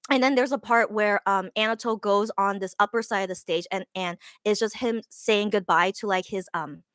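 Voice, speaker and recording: A woman's voice: mid-range voice, moderate pace, fairly bright tone, clean tone, no echo, clean studio sound. A woman casually recapping a live show she saw, gushing and rambling with lots of fillers and restarts.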